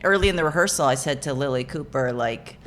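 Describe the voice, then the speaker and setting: A woman's voice: a bass voice, expressive, fast, fairly bright tone, slight background noise. A woman actor, a guest in a casual interview, telling rambling stories with frequent restarts and laughs. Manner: rambling, self-correcting, laughing storyteller.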